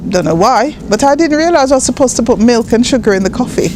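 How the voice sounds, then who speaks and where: A Jamaican poet and writer, appearing as an interview guest, tells personal stories in a slightly high voice at a fast clip. She is animated, acting out voices and laughing often, with slight background noise present.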